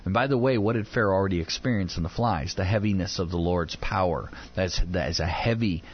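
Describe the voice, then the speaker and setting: Low husky man teaching the Bible. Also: fairly quick. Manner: animated, acts out quoted voices. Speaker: Bible teacher on a radio program. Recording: dull lo-fi sound.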